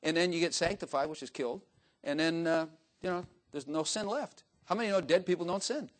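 A man's voice: fairly high pitch, fairly quick. Folksy, joking older male preacher. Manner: folksy, joking preacher acting out little dialogues with shifting voices. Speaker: pastor. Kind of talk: sermon.

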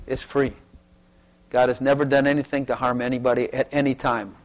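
A man's voice: mid-range voice, little pitch movement, brisk. A man pastor preaching a sermon and calling for testimonies, talking in an emphatic way that repeats its points.

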